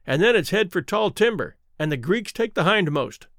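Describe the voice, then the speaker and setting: A man's voice: high-pitched, expressive, moderate pace, a bit bright, no room sound, studio quality. A man voicing a cheerful deckhand who talks in a breezy, matter-of-fact way. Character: cheerful deckhand sailor, unbothered by danger.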